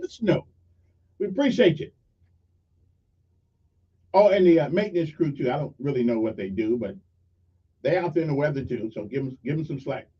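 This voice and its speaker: A man's voice: high-pitched, dark tone. A middle-aged man, hosting a casual morning radio show with folksy, rambling asides and jokes. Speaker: radio talk show host. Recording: dull sound from a distance.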